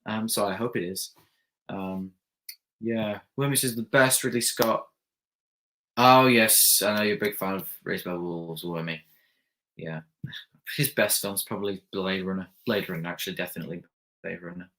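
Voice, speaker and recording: A man's voice: sits low, normal speed, pauses often, sharp tone. A young man hosting a live stream, reading viewer comments aloud and rambling casually with lots of fillers and restarts.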